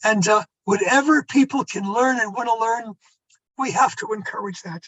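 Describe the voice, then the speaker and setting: A man's voice: high-pitched, moderate pace, fairly bright tone, dry recording, rough recording. An older man, a rabbi, telling stories to an audience in a conversational way, with asides to his listeners. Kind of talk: storytelling talk.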